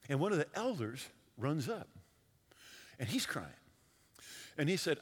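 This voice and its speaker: A bright, fairly high-voiced male pastor preaching with lively, swooping delivery. His voice is a little husky and rings out in a large reverberant hall. He tells stories in quick swings between loud and hushed. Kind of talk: sermon.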